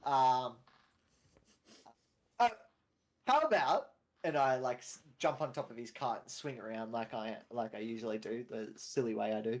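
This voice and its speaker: A man playing a tabletop game over a call, self-mocking and quick to apologize, often laughing. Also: medium pitch. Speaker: player. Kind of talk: casual tabletop game chat.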